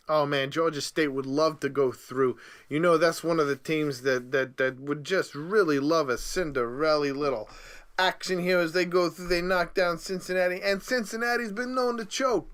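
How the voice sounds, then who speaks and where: A man hosting his own sports show, giving bracket picks in a hyped, playful, boastful way with stumbling self-corrections and sudden loud bursts. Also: on the high side. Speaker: sports pundit host. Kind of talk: casual bracket picks monologue.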